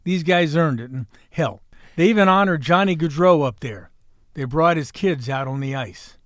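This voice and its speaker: A man's voice: fairly high pitch, normal speed, a bit bright, dry recording, clean studio sound. Salty wisecracking man in his sixties. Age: 60s. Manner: folksy, wisecracking, salty language. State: hoarse. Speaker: podcast host. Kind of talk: opening monologue and casual chat.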